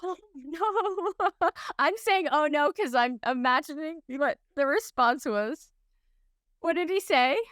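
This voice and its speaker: A woman's voice: high voice, lively intonation, a bit bright, dry recording, clean studio sound. Enthusiastic woman podcast host. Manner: enthusiastic, laughs often, quick reactions. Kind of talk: casual interview chat.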